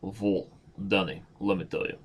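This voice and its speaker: A man putting on a gruff old Russian chess veteran. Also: low voice, fairly even intonation, normal speed, heavy background noise, natural voice. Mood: lecturing. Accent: put-on Russian.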